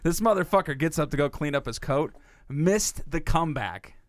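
A man co-hosting a podcast, telling a profane, animated story with frequent laughter. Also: fairly high pitch, normal speed, dry recording, clean studio sound. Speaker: podcast co-host. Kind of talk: casual storytelling.

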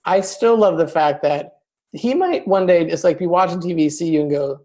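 A man hosting a podcast, chatting warmly and encouragingly with his guest in a slightly halting way. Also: a little high, expressive. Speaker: podcast host. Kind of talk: casual podcast chat.

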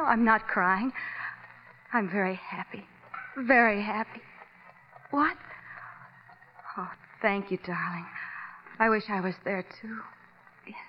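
A lovesick young burlesque wife. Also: female voice, mid-range voice, slight background noise. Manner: anxious, pleading then tender. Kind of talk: 1950s radio drama acting. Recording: dull old radio broadcast.

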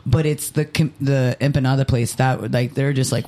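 A man telling a profane, rapid-fire story on a casual podcast, acting out the quotes. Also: mid-range voice, steady tone, darkish tone. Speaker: podcast co-host and comedy show runner.

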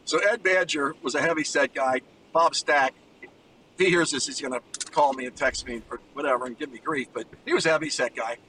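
Sixties male guest, bright tone, animated storyteller, distant phone line with faint car hum. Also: a little high, fairly quick. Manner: animated anecdote teller, acts out voices. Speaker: former college basketball player, guest. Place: riding in a moving car.

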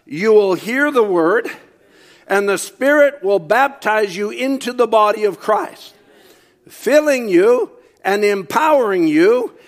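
A man preaching a sermon, reading quotations aloud and commenting on them, rising to shouts on key points. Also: sits high.

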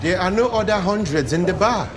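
An actor playing a curt, dismissive bar worker. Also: male voice, high-pitched, animated, fairly quick, over music. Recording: TV clip with crowd noise.

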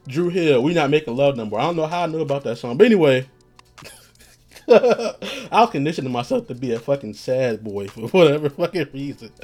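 A man's voice: mid-range voice, darkish tone. Male podcast host, mid-range voice, loose and profane storyteller who rambles and laughs at his own bits. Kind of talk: casual storytelling.

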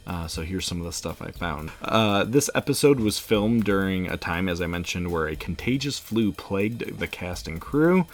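A man co-hosting a podcast in casual chat, relaxed, with many fillers and frequent laughs. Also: low voice, moderate pace, hardly any pauses. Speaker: podcast co-host.

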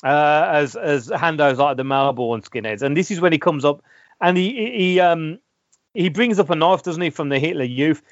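A man's voice: a little high, moderate pace, no room sound. A man co-hosting a casual film discussion, rambling with many restarts and repeated words. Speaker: podcast co-host. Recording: dull lo-fi sound, dry.

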